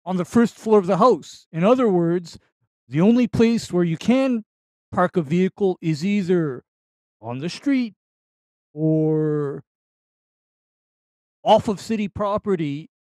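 A man co-hosting a podcast in casual banter, building a slow, deliberate rant against authority. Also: sits high, darkish tone, dry recording. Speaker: podcast co-host.

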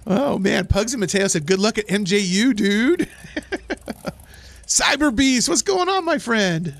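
Brief: hoarse male stream host, high gravelly voice, jumps all over in pitch, excitable. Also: slow pace. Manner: excitable, laughs often, reads chat aloud. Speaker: livestream host. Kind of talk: live gameplay commentary.

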